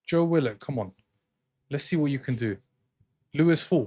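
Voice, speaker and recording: A man hosting a live football watchalong, reacting to the match and arguing with his chat in an excitable way. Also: mid-range voice, normal speed, long pauses. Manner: excitable, jumps between commentary and arguing with chat.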